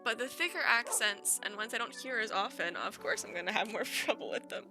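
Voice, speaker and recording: A young woman from Eastern Canada streams a game and chats casually over music, her fairly high voice moving briskly. She laughs often, drifting through giggly, rambling stories.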